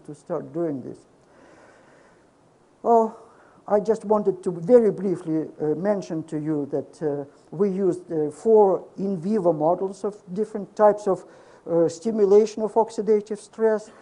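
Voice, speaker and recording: Older man lecturing in a mellow voice. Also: high voice, low-quality recording. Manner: explanatory, emphatic, checks in with "okay?". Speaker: scientific lecturer. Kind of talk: academic conference lecture.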